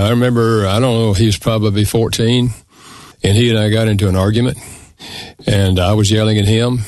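A man's voice: fairly low pitch, a little mellow, no echo, clean studio sound. An older man, a podcast guest, telling a candid, emotional personal story in an earnest, reflective way.

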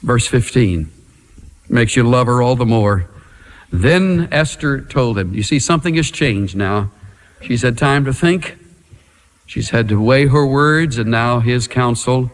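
A man preaching a sermon in a dramatic, emphatic way, with long pauses. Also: mid-range voice, long reverb tail.

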